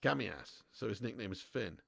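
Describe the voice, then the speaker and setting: A man's voice: a little high, lively intonation, normal speed, gravelly, no echo. A young man hosting a live football watch-along, bantering with his chat, swearing and laughing often.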